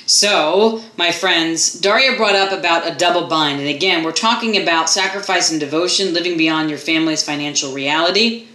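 A woman's voice: lowish voice, normal speed, sharp tone, roomy sound, low-quality recording. A woman hosting a talk radio show, chatting enthusiastically with her co-host. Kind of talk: casual talk radio chat.

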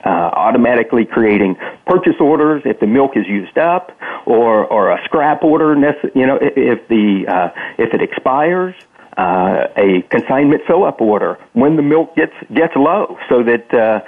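A man's voice: medium pitch, animated, moderate pace. A man speaking as a guest on a panel discussion, stumbling over words as he explains. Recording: tinny phone line.

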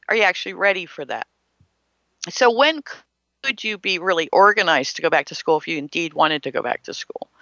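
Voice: mid-range voice, bright, forceful tone, no room sound. A spiritual teacher giving an emphatic motivational talk, asking rhetorical questions and acting out imagined people. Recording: slightly muffled, dry.

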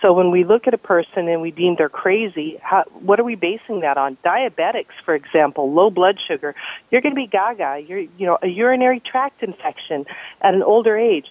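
A man's voice: high-pitched, lively intonation, fairly quick, no echo. A man hosting a radio talk show, speaking in an easygoing, reflective way with an occasional chuckle. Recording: tinny phone-like dry sound.

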